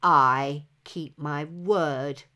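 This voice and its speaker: A woman's voice: fairly high pitch, big pitch swings, a little slow. A woman voicing a proud, rash young male hero who answers in clipped, defiant retorts.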